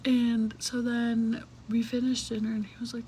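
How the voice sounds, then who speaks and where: A young adult woman telling a personal story in casual, chatty talk, full of "like" fillers, cursing, and hushed, whispery asides. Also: fairly high pitch, flat delivery, normal speed, slight background noise, poor audio.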